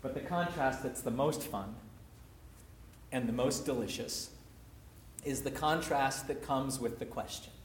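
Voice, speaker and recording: A man's voice: medium pitch, a little slow, pauses often, echoey room, slight background noise. A man preaching a sermon, retelling a story and sharing personal reflections in a reflective, storytelling manner.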